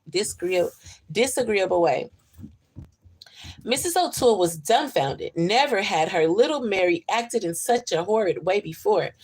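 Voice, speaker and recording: Woman reading a children's story aloud. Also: mid-range voice.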